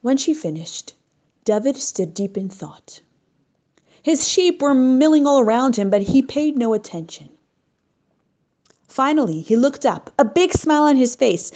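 A woman narrates a story with a lively, rising and falling voice. She reads slowly and expressively, in a slightly raised register. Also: high voice. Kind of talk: scripted narration.

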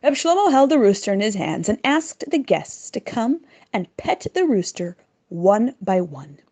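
A woman reading a children's story aloud in an expressive, dramatic way. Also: mid-range voice, a little slow.

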